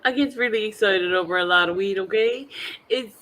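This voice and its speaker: A woman artist hosting a livestream, chatting casually, giggly and excitable, swearing freely. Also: medium pitch, a little fast, low-quality recording. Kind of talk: casual chat.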